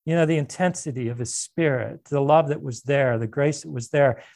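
A man preaching a sermon as pastor, animated and conversational, with asides and restarts. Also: mid-range voice, moderate pace, vocal fry, no echo, studio quality.

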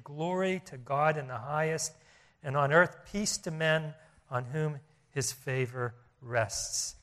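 A pastor preaches an earnest sermon in a fairly bright, high-leaning voice at a measured pace. He often restarts and repeats phrases, and his volume rises to stress his points.

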